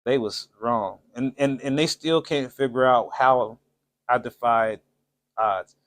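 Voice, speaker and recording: A man hosting his own channel, telling a story in a casual, animated, slangy way and laughing often. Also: mid-range voice, takes it slowly. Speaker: channel host.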